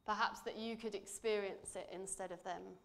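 A woman preaching in church, reading scripture and speaking in a measured, earnest way that drops softly for emphasis. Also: medium pitch, steady tone, gravelly.

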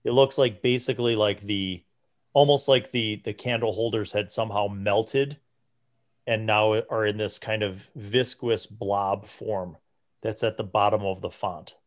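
Male game master, low voice, slow and loose narration. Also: steady tone. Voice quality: many fillers and restarts, easygoing.

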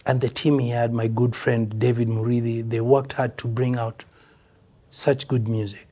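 An older Kenyan man with a mellow, slightly husky voice talks bluntly and with emphasis. He sounds like a veteran musician in a relaxed interview, now and then slipping into Swahili phrases. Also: medium pitch, moderate pace. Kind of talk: casual interview talk.

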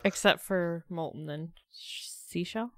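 A woman's voice: lowish voice, unhurried, no room sound, clean studio sound. A woman playing a game in a race, chatting casually, asking questions and laughing at her mistakes. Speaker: speedrun racer. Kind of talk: casual chat while playing.

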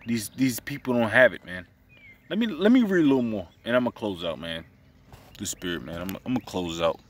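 A man's voice: on the low side, very animated, brisk. Agitated man recorded from a distance. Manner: profane, repetitive, agitated. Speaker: religious commentator. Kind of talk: casual religious commentary.

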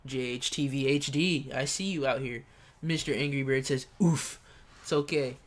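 A young man livestreaming a kart racing game, reading chat and shouting during play. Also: mid-range voice, normal speed. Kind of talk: live gameplay streaming.

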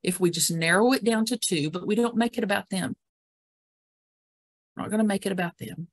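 A woman educator gives a calm, instructive webinar presentation on caregiving, walking listeners steadily through examples. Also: medium pitch, fairly quick, husky, no echo. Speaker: dementia care educator.

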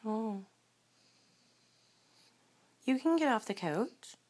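A woman's voice: on the high side, lively intonation, drawn-out words, darkish tone. A woman at home filming her dogs on the couch, coaxing them in a repetitive sing-song pet voice. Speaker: dog owner filming her pets. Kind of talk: home video talk to pets. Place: home living room with a couch.

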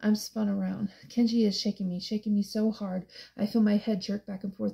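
A woman reading a first-person novel aloud as an audiobook narrator, in a hushed, tense and emotional way. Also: mid-range voice, little pitch movement, fairly quick, gravelly, hardly any pauses, highs cut off.

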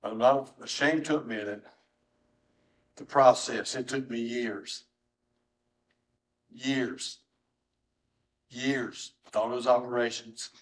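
A middle-aged man, preaching a sermon as pastor in a church, swinging from soft, low tones to high, strained cries. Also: fairly even intonation, slow, pauses often, rough recording. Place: church sanctuary.

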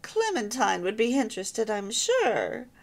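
A woman's voice: a little high, sing-song, unhurried, vocal fry, full character voice. A woman voicing a majestic, critical older female cousin who speaks in grand, exclamatory tones. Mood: grand, gushing.

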